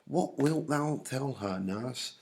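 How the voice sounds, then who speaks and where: A man reading aloud as an earnest young male nobleman in a play, at a measured pace. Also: medium pitch, expressive, a little mellow, slightly rough, voice pushed up, heavily acted.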